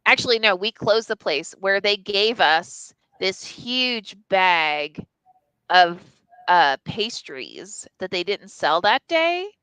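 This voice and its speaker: A woman's voice: medium pitch, very animated, slow pace, bright, forceful tone, clear, resonant tone, dry recording, rough recording. A woman telling a candid personal story on a live stream, casual and profane, full of "like" and restarts. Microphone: live stream mic.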